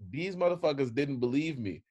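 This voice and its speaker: A man's voice: mid-range voice, expressive, fairly quick, a little mellow, muffled recording. A young adult man talking in casual chat, emphatic and repeating his points.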